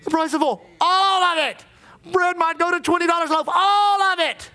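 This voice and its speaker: A man's voice: extremely high pitch, normal speed, sharp tone. A man preaching a sermon as pastor, impassioned and repetitive, drawing out emphatic lines.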